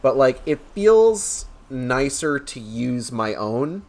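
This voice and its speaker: A man's voice: medium pitch, big pitch swings, slow, a little mellow. A man streaming, chatting casually in a rambling, filler-heavy way. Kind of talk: casual chat.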